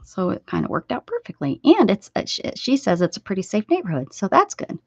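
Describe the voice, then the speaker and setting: A woman's voice: mid-range voice, wildly swooping pitch, a little fast, vocal fry, no echo. Woman, rambling craft stream host, chatty with viewers, muffled lo-fi sound. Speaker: livestream host. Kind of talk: casual livestream chat while sewing. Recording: dull, dry lo-fi sound.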